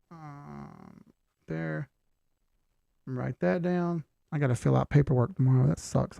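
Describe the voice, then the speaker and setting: A man's voice: on the high side, vocal fry, mellow, no room sound, lo-fi sound. A man hosting a casual livestream, chatting in a laid-back way with many fillers and reading out viewer questions.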